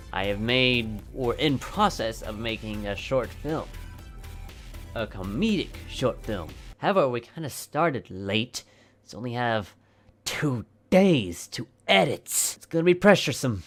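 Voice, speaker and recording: A teenage boy chatting casually on his vlog, jokey and self-mocking, into a desk mic at home. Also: mid-range voice. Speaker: YouTuber. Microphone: desk mic on stand. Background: soft background music.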